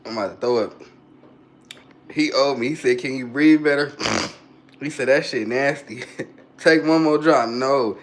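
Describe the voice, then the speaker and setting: A man's voice: mid-range voice, measured pace, pauses often, a little hiss or hum. A man chatting casually on a phone livestream, joking and reading his chat aloud while queasy and burping after a hot sauce shot.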